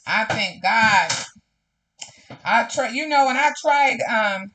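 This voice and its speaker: A woman's voice: fairly high pitch, lively intonation, slow pace, pushed and bright. A woman hosting a live crafting stream, chatting casually and slipping into preachy, faith-filled testimony to viewers. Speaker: crafting livestream host.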